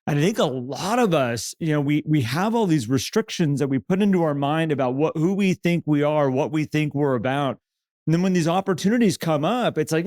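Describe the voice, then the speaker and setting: Lively storytelling male podcast host. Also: fairly high pitch, normal speed, no room sound, clean studio sound. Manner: animated, retells quotes with raised voice and filler restarts. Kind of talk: casual conversational storytelling.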